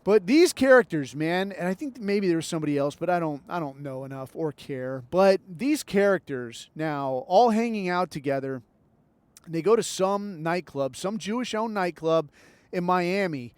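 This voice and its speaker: A man's voice: sits high, expressive, normal speed, darkish tone, clear, resonant tone, no room sound. Sarcastic, profane male podcast host. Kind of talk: casual solo monologue.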